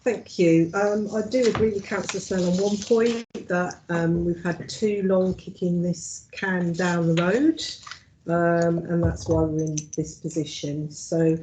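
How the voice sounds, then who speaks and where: A woman chairs a council committee and moves items along in formal, brisk phrases. Her voice sits slightly low, and clear noise runs under the recording. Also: fairly even intonation.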